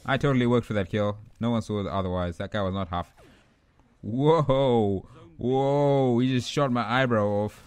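A young man giving rambling, excitable commentary over his own gameplay, trash-talking opponents and himself. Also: medium pitch, normal speed, smooth. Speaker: gaming YouTuber.

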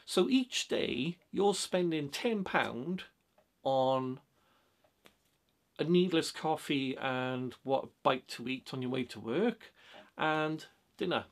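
A man's voice: fairly high pitch, expressive, takes it slowly. A man giving blunt, rambling money advice in a casual vlog monologue, full of fillers and restarts. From Britain. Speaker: vlogger.

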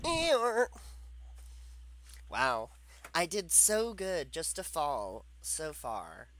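A woman's voice: sits low, very animated, very slow, a bit bright. A woman giving casual let's-play commentary, joking and swearing as she talks to herself while playing. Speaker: gameplay commentator.

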